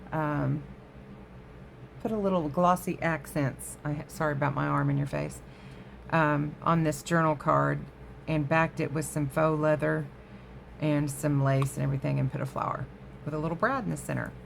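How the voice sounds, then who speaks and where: A woman's voice: deep voice, steady tone, normal speed, vocal fry, a little hiss or hum. A woman hosting a crafting vlog from her home craft room, chatting casually to viewers and easily sidetracked. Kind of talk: casual show-and-tell chat.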